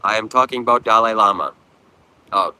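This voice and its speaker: A livestream host at the beach reads out viewer comments and fires back with blunt, preachy, mocking lectures. His fairly low voice is quick, bright, forceful, clear and resonant, though the recording quality is low.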